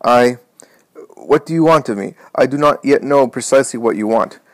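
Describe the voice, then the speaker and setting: A man's voice: medium pitch, moderate pace, dry recording, natural voice. A man reading as a tormented, self-hating disciple. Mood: anguished. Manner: pleading, self-accusing. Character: tormented male disciple, anguished and torn.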